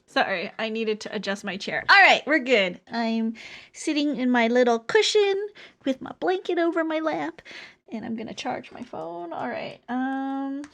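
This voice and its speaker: A woman's voice: high voice, animated, moderate pace, gravelly, fairly bright tone. Giggly woman streamer. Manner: giggly, easygoing. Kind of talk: casual chat while playing a game. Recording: faint music behind.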